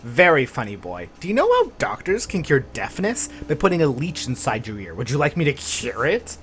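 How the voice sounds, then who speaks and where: A man's voice: medium pitch, wildly swooping pitch, moderate pace, a bit bright, slight background noise. A man voicing a weary male doctor in a video game who speaks to children in a stern, exasperated way.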